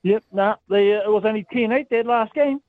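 Excitable New Zealand man on a phone line. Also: sits high, brisk, no room sound. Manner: excitable, exclaiming, rambling. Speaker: caller. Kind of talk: casual phone call to radio.

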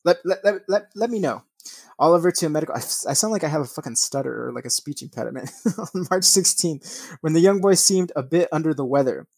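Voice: mid-range voice, fast talker, creaky, darkish tone, breathy edge, no echo. A young adult podcast host casually reading news stories aloud, swearing often, laughing and tripping over words.

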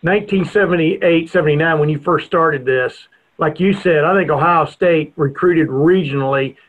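Stammering radio host on a tinny line. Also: male voice, on the high side. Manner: halting, stammering questions. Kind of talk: casual radio interview. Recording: tinny phone-like radio audio.

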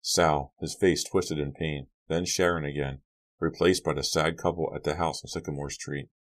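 Male narrator, very deep voice, measured audiobook storytelling. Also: steady tone.

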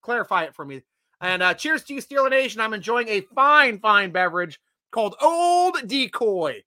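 A man's voice: high voice, normal speed, dry recording. A man hosting a casual sports fan livestream, chatting energetically and reading out viewer comments. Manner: energetic, chatty, bursts of loud excitement.

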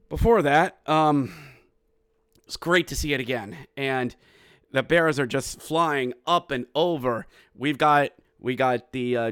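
A fairly high-voiced man recaps a hockey game in a loose, chatty way, calling each pass and then erupting into loud goal calls. He keeps cracking jokes at his own expense. The sound is dry and close, with no room around it. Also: no echo. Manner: excitable, bursts into shouted goal calls; jokey, self-mocking asides. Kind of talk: casual game recap with play-by-play.

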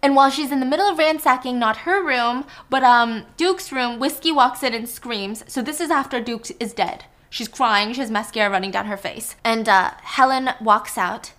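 Animated bright woman recapping a movie. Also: a little high, moderate pace, few pauses. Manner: animated storytelling. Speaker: podcast host.

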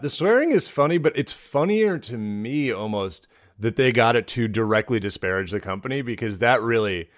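A man co-hosting a comedy podcast, chatting casually and rambling with frequent laughs. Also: mid-range voice. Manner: joking, rambling, laughs often. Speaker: podcast co-host.

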